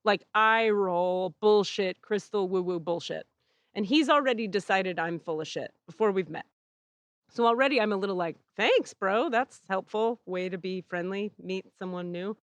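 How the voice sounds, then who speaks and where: A woman's voice: medium pitch, normal speed, no room sound. A woman hosting a podcast, telling a story in casual chat, acting out the people she quotes and swearing freely, recorded outdoors in a back yard. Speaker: podcast host.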